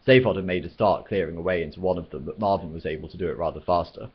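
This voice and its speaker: Deep, husky male storyteller, steady read, dull lo-fi recording. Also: fast talker. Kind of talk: reading a novel aloud.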